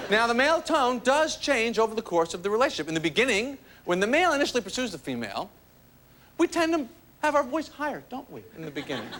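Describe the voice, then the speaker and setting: A man's voice: very high voice, very animated, fast talker, background noise. A man performing a stand-up comedy routine on a TV studio stage, with a wry, observational delivery and exaggerated demonstrations of different voices. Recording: loud studio audience laughter. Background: roaring crowd laughter.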